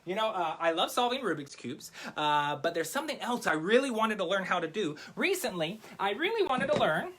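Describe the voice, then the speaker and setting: A man's voice: high voice, big pitch swings, fairly quick, hardly any pauses, fairly bright tone, a little hiss or hum. A man performing a children's magic show for a library, goofy and playful, poking fun at himself and talking straight to the kids. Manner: goofy, playful, self-mocking, addresses kids directly.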